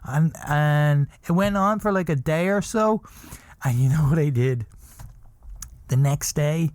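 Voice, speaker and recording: A man's voice: a little high, unhurried, darkish tone, clear, resonant tone. A man hosting a podcast, telling a rambling comic story and laughing at his own jokes. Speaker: podcast host.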